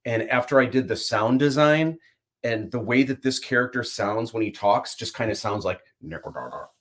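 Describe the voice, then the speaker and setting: A man hosting a livestream, chatting casually and animatedly, telling stories and acting out quick bits. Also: mid-range voice. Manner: animated storyteller, acts out little voices. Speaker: livestream host. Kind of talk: casual chat.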